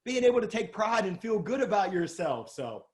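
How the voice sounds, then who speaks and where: High, bouncy Southern man. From Alabama. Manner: animated, exuberant, quick jokes. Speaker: guest sales coach. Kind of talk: energetic interview talk.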